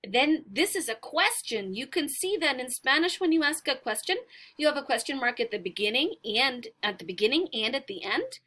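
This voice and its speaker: Bright, high-pitched woman teaching slowly. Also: expressive. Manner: slow, patient, explains word by word. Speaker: Spanish teacher. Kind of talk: reading a beginner story aloud and explaining it.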